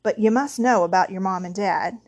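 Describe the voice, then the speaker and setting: A woman reading aloud, voicing a huge gruff half-giant man who booms and growls with a hot temper. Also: brisk, a little mellow, lightly acted. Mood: incredulous. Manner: booming, growling, indignant.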